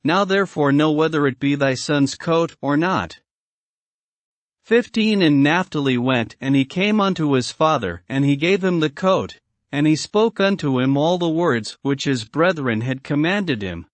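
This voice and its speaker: A man's voice: a little high, animated, unhurried, no echo. A man reading an old scriptural story aloud in a solemn archaic style, calling out verse numbers. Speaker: narrator.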